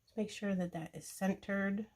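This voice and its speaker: A woman hosting a crafting video, talking casually to viewers in a relaxed, chatty way while working with her hands. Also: medium pitch, normal speed. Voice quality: relaxed, chatty, self-deprecating asides.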